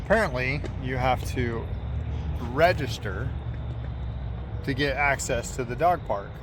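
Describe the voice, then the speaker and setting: A middle-aged man narrates a family vlog in a relaxed, joking tone. His voice sits at an ordinary pitch. Outdoor traffic and vehicle noise are clearly heard around him. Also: unhurried. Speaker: family vlogger, father.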